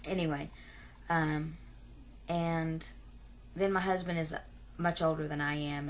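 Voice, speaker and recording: A woman's voice: low-pitched, slight background noise. A woman, talking casually and at length to her camera in a rambling, long-winded way full of fillers and asides. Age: 30s. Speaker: vlogger. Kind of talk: casual vlog talk to camera.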